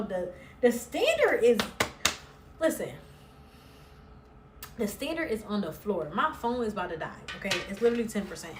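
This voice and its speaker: A woman's voice: on the high side, background noise. A woman chatting bluntly and sassily as she recaps a reality show, swearing freely. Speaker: recap vlogger. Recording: roomy echo, somewhat far from mic.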